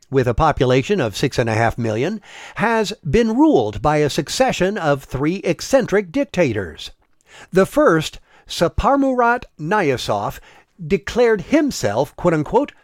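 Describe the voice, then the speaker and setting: A man narrating a travel story in a measured, wry scripted style. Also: on the high side, dry recording, studio quality.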